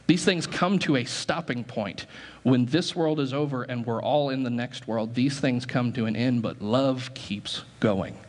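A man's voice: mid-range voice, unhurried, in a large hall. A man preaching a sermon as pastor, talking conversationally, correcting himself as he goes, and laughing at his own asides.

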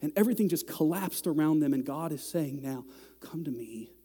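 A man's voice: fairly high pitch, animated, brisk, husky. Man preaching in a reverberant hall. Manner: conversational preaching, rising to loud exasperated peaks. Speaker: pastor. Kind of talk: sermon.

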